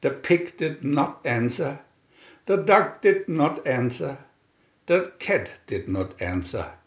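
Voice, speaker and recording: Man reading a kids storybook slow and sing-songy, echoey room, dull lo-fi sound. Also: a little high, animated. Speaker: storybook reader. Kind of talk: storybook read-aloud. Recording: roomy, dull lo-fi home recording.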